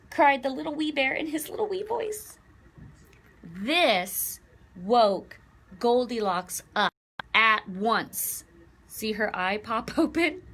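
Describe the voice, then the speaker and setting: A woman, a children's librarian, reading a picture book aloud to children with lively expression and questions for her listeners. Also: on the high side, slight background noise.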